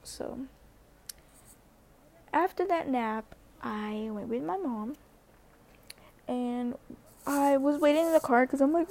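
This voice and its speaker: High-voiced young woman rambling casually. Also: slow pace, long pauses, darkish tone. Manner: chatty, rambling, with many fillers and restarts. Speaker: vlogger. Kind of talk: casual storytelling.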